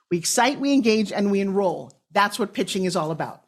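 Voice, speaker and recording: A woman pitch coach talking on a podcast in an emphatic, sales-driven way. Her voice sits at a middling pitch, and she lands her points in short, punchy bursts. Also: animated, brisk, darkish tone. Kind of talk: energetic podcast interview advice.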